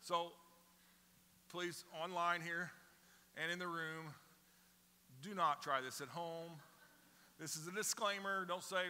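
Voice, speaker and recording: Bright-voiced animated pastor in a reverberant hall. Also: male voice, fairly high pitch, a little slow, long pauses, clean tone. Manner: animated, conversational preaching with acted-out asides. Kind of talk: sermon. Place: church sanctuary with congregation.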